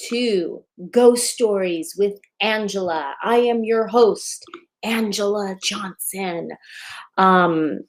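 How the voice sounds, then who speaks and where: A woman hosting a casual livestream chat show from a borrowed bedroom, chatty and playful, joking through technical trouble over a laptop mic. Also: medium pitch. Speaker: host.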